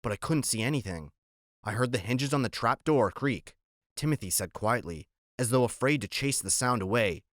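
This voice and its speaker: A man of medium pitch narrates a novel as an audiobook, his delivery measured and even. The recording is close and dry, carrying no room sound.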